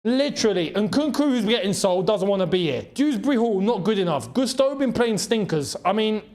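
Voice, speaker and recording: Reacting to a football match live, this young host yells at big chances, groans at misses, and chattily reads out and thanks chat members. He sits high in pitch, very animated, and a little fast.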